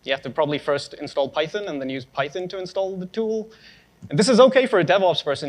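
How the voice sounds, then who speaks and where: A man's voice: sits high, lively intonation, fast. A young man giving a conference tech talk, casual and sarcastic with joking asides. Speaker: conference speaker.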